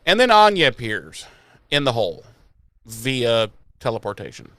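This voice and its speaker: A man's voice: mid-range voice, big pitch swings, moderate pace, pushed and bright, no echo, clean studio sound. A man hosting a podcast, recapping an episode in a casual, jokey, sweary way. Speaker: podcast host.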